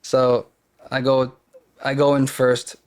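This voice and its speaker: A man as a podcast guest, telling a personal story in a casual, earnest way, halting often and restarting his sentences. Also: mid-range voice, monotone, clean tone.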